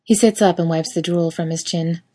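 A woman reads a story aloud with a wry, casual delivery that lets the odd swear word through. Her voice sits a little low. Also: fairly even intonation, moderate pace, mellow. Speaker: reader. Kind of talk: storytelling narration.

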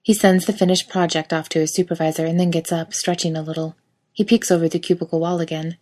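A woman reads a story aloud with a wry, casual delivery that lets the odd swear word through. Her voice sits a little low. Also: little pitch movement, quick pace, darkish tone. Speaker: reader. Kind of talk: storytelling narration.

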